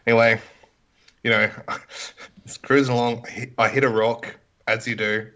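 A man's voice: mid-range voice, level tone, moderate pace, bright, forceful tone. A man telling a laid-back story about a video game in a casual chat. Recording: slightly dull lo-fi recording.

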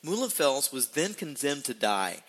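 Bright-voiced man telling a story with flair. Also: medium pitch, very animated, normal speed, low-quality recording. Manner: playful, dramatizing, asks rhetorical questions. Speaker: podcast co-host. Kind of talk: casual storytelling podcast chat.

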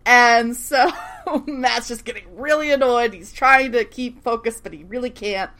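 Bright-voiced woman gabbing on a podcast, laughs a lot, acts out the characters. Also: on the high side, a little slow. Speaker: podcast co-host recapping a TV show. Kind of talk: casual chat.

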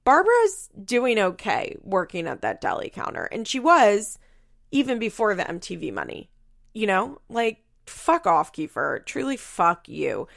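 A woman's voice: mid-range voice, huge pitch swings, unhurried, vocal fry, a bit bright, no room sound, clean studio sound. A woman recapping a reality show in casual chat, blunt and profane, often laughing.

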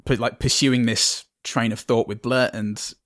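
A man's voice: medium pitch, little pitch movement, unhurried, a bit bright, no echo, studio quality. A man, a tabletop game player, chatting casually on a podcast in a rambling way, often laughing.

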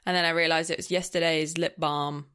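A woman's voice: sits low, level tone, brisk, a bit bright, clean tone. A woman co-hosting a podcast, playful and giggly in casual chat. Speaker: podcast co-host.

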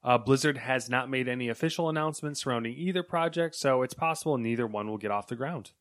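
A man's voice: medium pitch, fast talker, fairly bright tone, no room sound. Young man reading gaming news, dry. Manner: reads news items with filler ums. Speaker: podcast co-host reading news. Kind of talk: casual chat and news reading.

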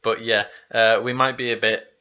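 A man's voice: lowish voice, flat delivery, normal speed, bright, forceful tone, clear, resonant tone. A young man co-hosting a casual podcast, rambling and jokey. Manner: rambling, jokey, laughs a lot. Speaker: podcast co-host. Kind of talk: casual chat. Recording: slightly dull lo-fi sound.

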